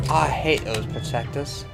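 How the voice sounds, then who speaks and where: A man's voice: mid-range voice, slow, gravelly. A man playing a video game and chatting, goofy and jokey, swearing at enemies. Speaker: player in a game playthrough. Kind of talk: casual gaming chat. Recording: game music behind voices.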